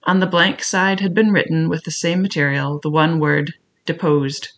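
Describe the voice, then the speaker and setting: A man narrating a classic adventure novel in a measured, reflective first-person telling. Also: on the high side, fairly even intonation, a bit bright. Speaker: audiobook narrator.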